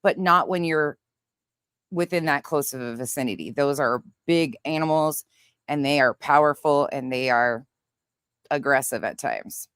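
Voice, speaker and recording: A young woman from Montana, a livestream host chatting casually with viewers and telling a story in a profane, animated way. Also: low voice, measured pace, clean tone, no echo, clean studio sound. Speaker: livestream host reading chat.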